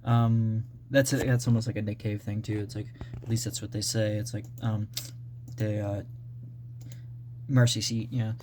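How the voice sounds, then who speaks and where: A man talking unscripted about his novel drafts in a rambling, halting way with many restarts. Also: lowish voice, little pitch movement, a little mellow, a little hiss or hum. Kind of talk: unscripted casual vlog talk.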